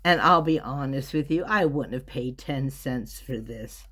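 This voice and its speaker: A woman's voice: a bass voice, a little slow, a bit bright, a little hiss or hum. A woman vlogging from home, giving a chatty, rambling product review, often breaking off mid-sentence and chuckling.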